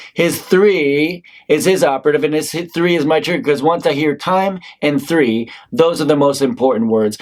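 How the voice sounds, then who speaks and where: A male acting instructor giving a talk on scene breakdown in a casual, conversational way, now and then acting out short lines himself. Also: mid-range voice. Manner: conversational, demonstrates lines in character. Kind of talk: acting class lecture.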